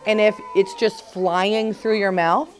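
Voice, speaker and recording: A woman's voice: mid-range voice, fairly even intonation, slow pace, soft background music. A woman chiropractor leading a casual group talk, chatty, laughing often and acting out what her patients say.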